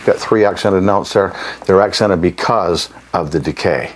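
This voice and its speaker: A man teaching saxophone articulation, explaining in an unhurried way, often clearing his throat and pausing with ums. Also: deep voice, slight background noise. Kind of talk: instructional lesson.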